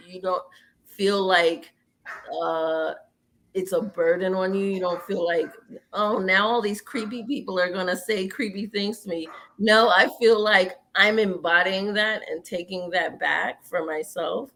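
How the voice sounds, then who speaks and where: A woman, a mother, talking casually about cosplay on a podcast panel, in an animated way. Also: fairly low pitch, a little hiss or hum, rough recording.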